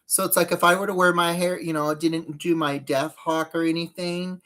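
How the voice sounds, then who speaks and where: A woman's voice: fairly low pitch, steady tone, normal speed, a bit bright. A woman chatting casually on a live stream while doing her makeup, rambling and greeting viewers by name.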